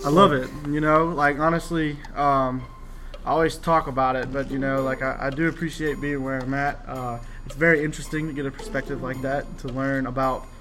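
A man in his twenties with a Louisiana Cajun accent, co-hosting a casual podcast in an animated, joking way. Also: medium pitch, over music. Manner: animated, joking, quick to laugh. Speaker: podcast co-host, law student. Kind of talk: casual chat.

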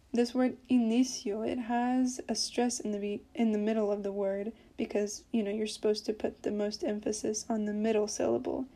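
Chatty woman teaching Portuguese, mellow voice. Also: a little high. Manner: chatty, explains with many fillers. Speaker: podcast host teaching Portuguese. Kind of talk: casual language lesson.

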